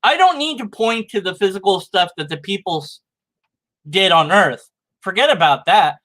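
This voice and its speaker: A man's voice: sits high, expressive, normal speed, a bit bright. A man giving sarcastic, rambling commentary on a sermon clip, mocking the preacher's arguments. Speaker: video commentator.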